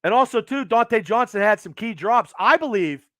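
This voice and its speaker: Male host at home, high sharp voice, cursing fast in angry outbursts, dry close sound. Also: animated, dry recording. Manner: profane, agitated, fast rants. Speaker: podcast host. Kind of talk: angry sports rant to live chat.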